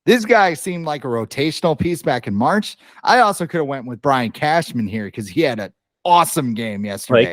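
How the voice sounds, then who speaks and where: A man co-hosting a casual sports podcast, rambling and excitable, stumbling over names and coughing now and then. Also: mid-range voice, brisk, no echo. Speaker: podcast co-host.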